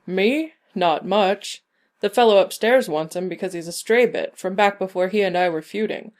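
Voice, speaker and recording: A woman reading a story, voicing a tall, handsome male devil with a silky, teasing, quietly menacing manner. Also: mid-range voice, moderate pace, close to an everyday voice. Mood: sly.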